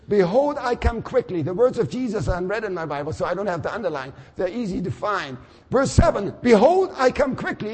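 Older male preacher, high lively delivery, long hall reverb. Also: slightly rough. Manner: animated, swings from quiet musing to shouting. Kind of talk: sermon.

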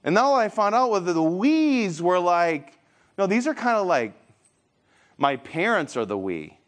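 A man's voice: high voice, a little slow. A man giving a conversational church seminar, acting out the voices of children and parents as he tells his story. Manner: animated, acts out voices of kids and parents. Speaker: seminar speaker.

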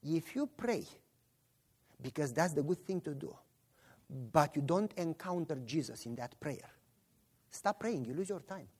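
A man's voice: a little high, a little slow, pauses often, husky. A man with a Romanian accent preaching a sermon, telling stories animatedly and voicing the people in them. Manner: animated storytelling, voices his characters.

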